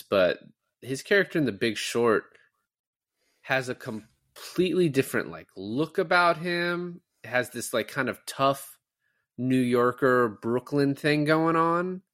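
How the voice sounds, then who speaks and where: Quick-talking man arguing movies casually. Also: medium pitch, animated, a bit bright. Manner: quick, argumentative, conversational, trails off with filler words. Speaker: podcast co-host. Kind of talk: casual movie review chat.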